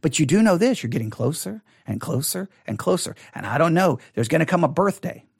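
A man's voice: a little high, sing-song, brisk, vocal fry, breathy edge. Texan man teaching a Bible study. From Texas. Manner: conversational, repeats and restarts words, leans into key phrases. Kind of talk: informal Bible study teaching with personal stories.

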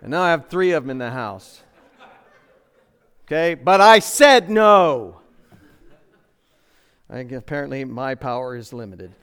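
A man's voice: mid-range voice, animated, moderate pace, pauses often, smooth. A middle-aged man preaching a sermon in a church, emphatic, asking the congregation rhetorical questions. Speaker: pastor. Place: church sanctuary.

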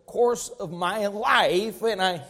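A man's voice: sits high, slow pace, a bit bright. A man pastor preaching a sermon, with emphatic rising bursts, repeated phrases.

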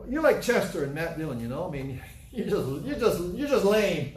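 A man preaching a sermon as a pastor, animated, acting out biblical scenes with sudden loud outbursts. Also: fairly high pitch, fairly quick. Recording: roomy sound from a distance with faint background noise.

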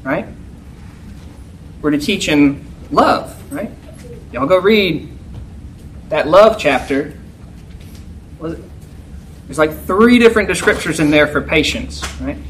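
Male preacher, high voice, chatty delivery, faint noise behind. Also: animated, slow pace, long pauses, rough recording. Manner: conversational, keeps asking "right?"; acts out a yelling teacher in a loud, high voice. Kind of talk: sermon.

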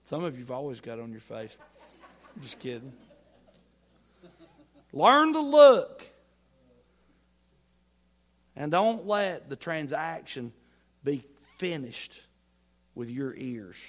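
A man preaching a sermon as pastor, folksy and playful, swinging between loud emphatic lines and quiet asides. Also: medium pitch, lively intonation, a little slow. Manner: folksy humor, playful mock dialogue.

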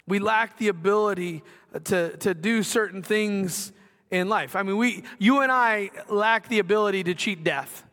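Middle-aged male pastor, high and bright, chatty with self-deprecating asides, recorded in a reverberant gym. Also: moderate pace. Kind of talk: sermon. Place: school gymnasium. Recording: long reverb of a gymnasium.

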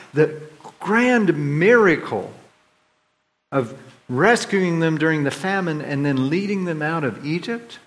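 A man preaching a sermon, swinging between loud, high complaints and quiet, low reflection as he voices the psalmist. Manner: dramatic swings in pitch and volume, voicing the psalmist's complaints. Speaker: pastor.

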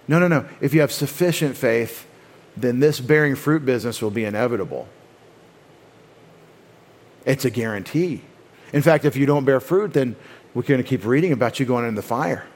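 Male pastor, mid-pitched, conversational teaching sermon with restarts. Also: normal speed, long pauses, a little mellow. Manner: explanatory, with frequent restarts and quoted voices.

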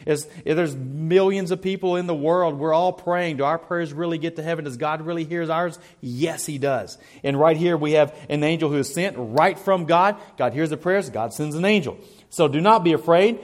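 A man preaching a sermon, earnest and emphatic, often repeating words as he starts a thought. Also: fairly high pitch. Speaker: pastor.

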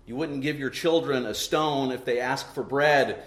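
Emphatic middle-aged preacher in an echoey church. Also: male voice, medium pitch, a little slow. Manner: emphatic preaching with repeated rhetorical questions. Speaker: pastor. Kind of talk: sermon. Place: church sanctuary.

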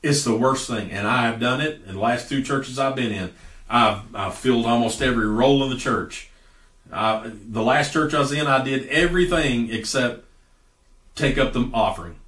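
A middle-aged man preaching a sermon as pastor, folksy and emphatic, with sudden bursts of loud speech. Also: mid-range voice. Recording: echoey room, voice heard from a distance.

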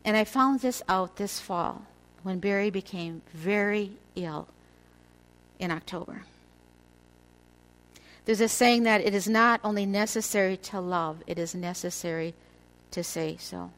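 An older woman delivers a devotional teaching to a women's audience. Her voice sits at a middle pitch, and her delivery is measured and earnest. She slows down on key words for emphasis. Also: rough recording.

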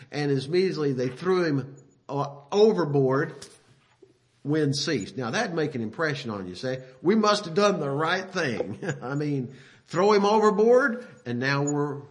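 A man preaching a sermon, his voice sitting a little higher than most men's. He talks in a folksy, conversational way, reads King James verses aloud with emphasis, and stops now and then to correct himself.

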